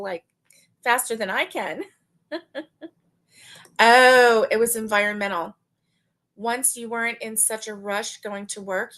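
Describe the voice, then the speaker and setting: A middle-aged woman hosts a relaxed livestream and answers viewers' comments as they come in. She talks slowly and unhurriedly, filling her pauses with soft "ums" and easy chatter. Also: mid-range voice. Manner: slow, chatty, warm asides with frequent fillers and laughs. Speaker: livestream host. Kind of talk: casual livestream chat reading viewer comments.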